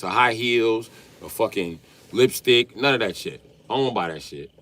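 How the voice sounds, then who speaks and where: A man in his late thirties with a low voice that leaps all over the place as he spins a comic rant. He talks in a profane, animated way and chuckles mid-story, like a livestreamer holding court. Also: moderate pace. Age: late 30s. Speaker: livestreamer telling stories.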